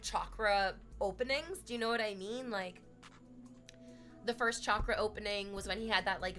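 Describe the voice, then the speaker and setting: A woman's voice: mid-range voice, sharp tone. A young woman streamer chatting casually, rambling and profane, quoting comedy bits between laughs. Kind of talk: casual live-stream chat.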